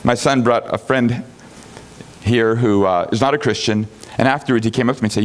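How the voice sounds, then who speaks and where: A man teaching a congregation in an animated, conversational way. He keeps asking rhetorical questions and chuckles at his own asides. When he quotes other people, he lifts his voice to act them out. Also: medium pitch, a little fast. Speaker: Bible teacher.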